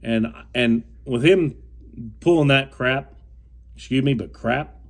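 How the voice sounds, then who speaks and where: A young man from the United States tells a fishing story in a casual, rambling way. He restarts and repeats himself often, and his tone stays firm and indignant, at an ordinary mid pitch. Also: slow. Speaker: fishing co-angler telling a story.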